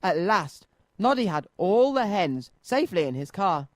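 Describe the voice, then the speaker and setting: A man presenting a children's radio show, reading a storybook aloud in a lively, clear way from a studio. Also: sits high, moderate pace, no room sound.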